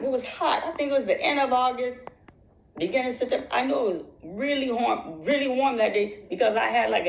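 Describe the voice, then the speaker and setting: A woman's voice: a little high, creaky, low-quality recording. A woman vlogger telling her viewers a long personal story in casual talk. She keeps repeating phrases for emphasis and restarts her sentences.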